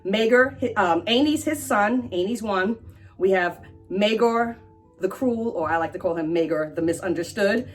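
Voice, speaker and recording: A woman's voice: medium pitch, expressive, moderate pace, faint music behind. A woman hosting a casual explainer, chatty and irreverent, who swears now and then. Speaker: pop-culture explainer host.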